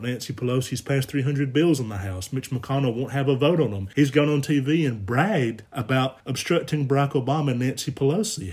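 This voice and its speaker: A man from Alabama giving a casual political rant, animated and sarcastic. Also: mid-range voice. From Alabama, USA. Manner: animated, sarcastic, mocks others in quoted voices.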